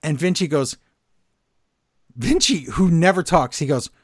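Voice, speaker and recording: A man's voice: a little high, dry recording, studio quality. A man co-hosting a wrestling podcast, recapping the show casually and briefly mimicking what people said. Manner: quick recapping, acting out quotes in passing. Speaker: podcast co-host.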